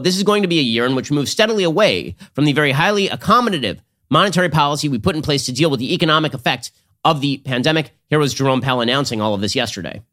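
A man hosting a political commentary show, arguing in a rapid, sardonic way. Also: mid-range voice, a bit bright. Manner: rapid, sardonic, argumentative delivery. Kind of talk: fast political commentary and read ad.

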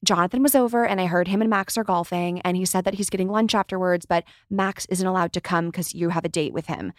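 Brief: young woman podcast host, chatty and animated, mid pitch, very dry close mic. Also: fast, dry recording. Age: young adult. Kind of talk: casual interview chat.

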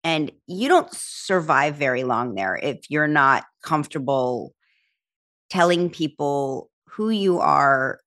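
A woman, chatting as an interview guest and telling animated, laughing stories. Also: sits low, slow pace. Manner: animated storyteller, acts out voices, laughs often. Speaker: talk show host and author, guest. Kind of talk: casual interview chat.

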